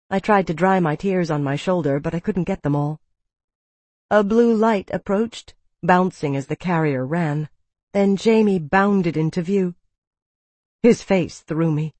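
An audiobook reader narrating a story in the first person, calm and steady. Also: mid-range voice, no room sound.

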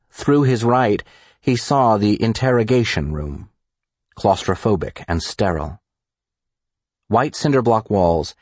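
Deep-voiced male thriller narrator. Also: slightly rough, no echo. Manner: measured, deliberate reading. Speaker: audiobook narrator.

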